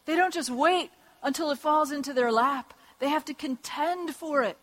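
A woman preaching a sermon, telling gospel stories in a lively way and acting out the voices of the people in them. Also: high voice, moderate pace. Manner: lively storytelling with acted voices and laughs.

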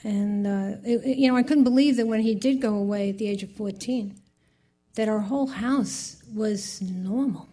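A woman's voice: mid-range voice, mellow. An older woman giving a heartfelt personal faith testimony, rambling through her story with many asides.

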